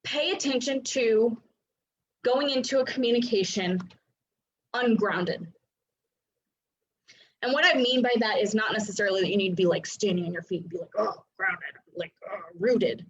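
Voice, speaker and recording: A woman in her thirties coaching a live online class, chatty and animated, with many fillers. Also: on the high side, normal speed, pauses often. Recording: dull lo-fi sound.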